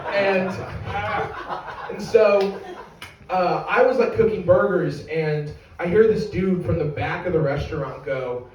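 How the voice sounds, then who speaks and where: A man's voice: high-pitched, takes it slowly, darkish tone, lo-fi sound, a little hiss or hum. A young adult man doing stand-up comedy, telling a rambling, profane, self-mocking story to a live audience. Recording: echoey room from far off.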